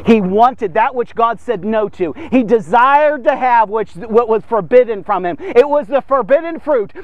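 A man's voice: extremely high pitch, no echo. A man preaching a devotional sermon to men, emphatic and direct, often checking in with "okay?". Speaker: pastor.

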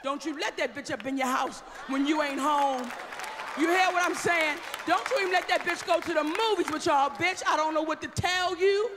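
A woman doing a live stand-up set, brash and profane, shouting her punchlines at the crowd. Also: sits high, background noise. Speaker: stand-up comedian. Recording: live stage show in a large hall with a loud audience.

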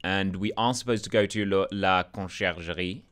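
A young man casually playing a game and chatting, with relaxed asides and chuckles. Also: low-pitched, normal speed, clear, resonant tone. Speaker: let's play host. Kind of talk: casual gameplay commentary with read-aloud dialogue.

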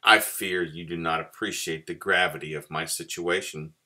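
A man voicing a grumpy, sick male bear in a children's storybook reading, gruff and raspy, with a dramatic, complaining manner. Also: deep voice, steady tone, normal speed, sharp tone. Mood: gloomy.

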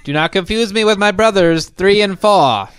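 A man voicing a formal, deadpan male alien visitor in an improvised comedy scene, speaking slowly and stiffly. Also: sits high, clear, resonant tone, no room sound, voice pushed up. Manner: slow, stiff, formal diction.

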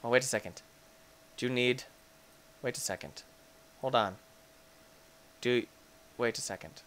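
A man reviews a game mod with eager let's-play narration, speaking in a mid-range voice without hurrying. He talks playfully to game objects and breaks out in sudden, jokey shouting.

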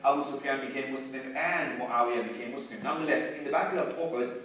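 A man, an Islamic teacher, giving a lively classroom lecture, often questioning his students and calling out key lines. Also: medium pitch, fast talker. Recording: echoey room, distant mic.

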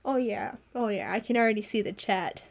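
A woman's voice: medium pitch, fairly quick, creaky. A woman hosting a reaction video, chatting casually with giggly, enthusiastic commentary. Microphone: home recording setup.

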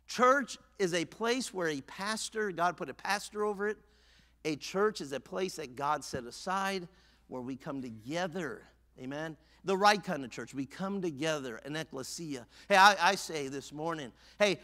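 A man's voice: sits high, pushed and bright, in a large hall. A man preaching a fervent sermon as pastor in a church, now and then acting out the imagined voices of his listeners. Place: church sanctuary.

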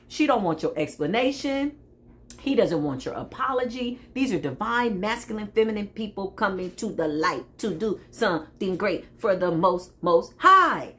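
A woman's voice: mid-range voice, very animated, moderate pace, fairly bright tone, slight background noise. A woman giving a tarot reading to her viewers, sassy and preachy, with frequent laughs and asides. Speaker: tarot reader. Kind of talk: spiritual tarot reading monologue.

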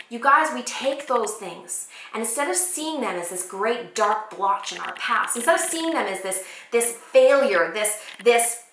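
A woman's voice: high voice, bright, forceful tone, a little hiss or hum. A woman in her thirties who homeschools, giving heartfelt, encouraging advice straight to camera at home. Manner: earnest, encouraging, acts out inner thoughts. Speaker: homeschooling mom vlogger. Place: home set. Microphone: camera mic. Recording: echoey room, faint camera focus clicks.

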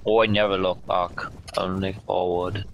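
A man's voice: deep voice, level tone, normal speed, creaky, slight background noise, low-quality recording. A young man in casual gaming banter, teasing his co-op partner with mock-grandiose jokes.

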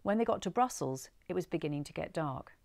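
A woman reading a story aloud in an expressive, measured way. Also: sits low, creaky, no room sound, studio quality.

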